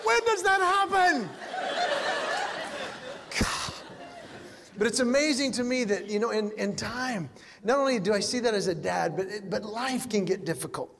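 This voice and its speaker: High-voiced man doing stand-up in a hall. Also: slight background noise. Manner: animated storytelling, acting out dialogue with quick voice switches. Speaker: comedian. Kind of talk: stand-up comedy to a live audience.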